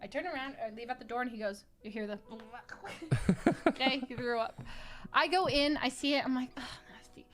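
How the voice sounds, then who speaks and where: High-voiced woman acting out a story. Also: quick pace. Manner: lively, acts out quotes, laughing. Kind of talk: casual story with laughter.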